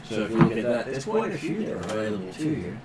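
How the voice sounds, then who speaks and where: A man's voice: fairly low pitch, big pitch swings, fast talker, heavy background noise. A man acting as game master, patiently explaining rules with fillers in a tabletop game session. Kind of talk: running a tabletop game over voice chat.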